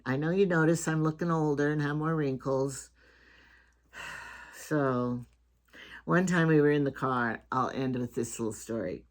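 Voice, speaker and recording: A woman's voice: sits low, unhurried, long pauses. Rambling older woman chatting at home. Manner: rambling and chatty, trails off and restarts. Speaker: vlogger host. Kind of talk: casual home talk show monologue.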